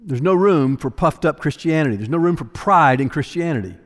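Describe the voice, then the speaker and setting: High-voiced preacher in a reverberant hall. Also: male voice, lively intonation, brisk. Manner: emphatic, repeats phrases for weight; swings between hushed and raised delivery. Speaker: pastor. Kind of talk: sermon. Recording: long reverb of a large hall.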